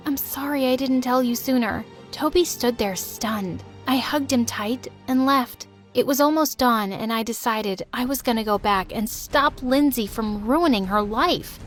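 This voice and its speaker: High-voiced dramatic storytime woman. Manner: dramatic and emotional. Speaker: storytime narrator. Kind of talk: first-person storytime narration.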